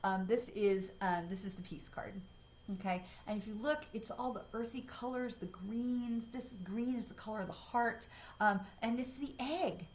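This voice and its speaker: A woman hosting a live card-reading stream, chatty and excitable, with lots of fillers, talking from home. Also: mid-range voice, moderate pace, slight background noise, rough recording. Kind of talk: casual livestream talk. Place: home, dog nearby.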